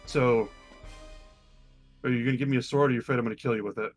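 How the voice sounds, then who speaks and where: A man voicing a swaggering, gallant male warrior who talks in a quick, cocky way. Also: medium pitch, fairly even intonation, soft background music, natural voice.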